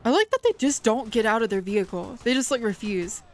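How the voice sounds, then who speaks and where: Excitable woman streaming a game. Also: a little high, fairly quick, a little hiss or hum. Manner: excitable, swears often, talks to chat while playing. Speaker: VTuber streamer. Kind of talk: gaming livestream chat.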